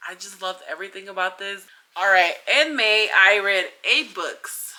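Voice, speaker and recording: A woman's voice: mid-range voice, normal speed, pushed and bright. A young woman in a casual book review vlog, chatty and gushing, with lots of filler words. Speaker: book vlogger.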